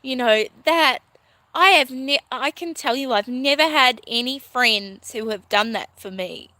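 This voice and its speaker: A woman's voice: sits high, unhurried, pushed and bright, no room sound. A woman in her thirties vlogging at home, talking to her viewers in a rambling, emotional, heartfelt way. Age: 30s. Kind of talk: casual talk to camera.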